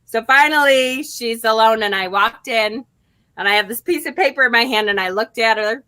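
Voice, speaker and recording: A woman's voice: a little high, normal speed, sharp tone. A middle-aged woman casually telling a story to her viewers, chatty and laughing often. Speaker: vlog host, tarot reader.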